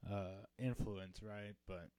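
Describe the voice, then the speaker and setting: A man co-hosting a comedy podcast, telling a story in casual chat, swearing freely and dropping to low mumbles. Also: fairly even intonation, slow, mellow. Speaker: podcast co-host.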